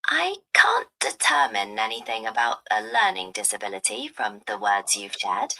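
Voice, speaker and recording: A synthetic female AI assistant voice, polite and measured, with formal phrasing. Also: extremely low pitch, huge pitch swings, vocal fry, sharp tone, poor audio.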